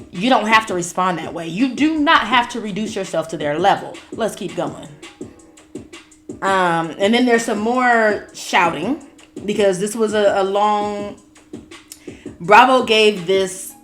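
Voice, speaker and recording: Chatty woman commenting over faint music. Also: mid-range voice. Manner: chatty, animated, playful asides. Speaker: tarot reader and show commentator. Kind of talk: casual chat.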